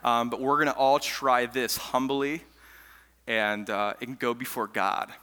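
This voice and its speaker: Swinging from loud, eager bursts to quiet asides, a male pastor tells stories with animation in a bright, forceful sermon voice. His pitch is mid-range and his intonation fairly even, delivered at a measured pace with a clear, resonant tone that echoes through a large church hall's long reverb.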